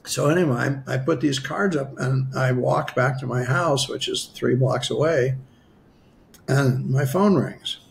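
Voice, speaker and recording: A man's voice: medium pitch, unhurried, gravelly, a little hiss or hum. A man, a guest healer, animatedly telling a story in an interview, acting out dialogue with self-mocking humor.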